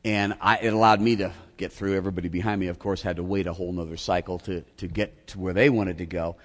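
A man's voice: deep voice, quick pace. A middle-aged male pastor preaching a sermon, telling a story with self-mocking humor. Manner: animated storytelling, self-mocking, acts out shouting. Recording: long hall reverb.

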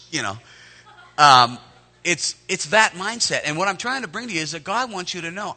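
A man in his forties preaching a sermon as pastor, earnest and conversational, swelling loud on key lines and dropping soft between. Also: a little high, a little fast.

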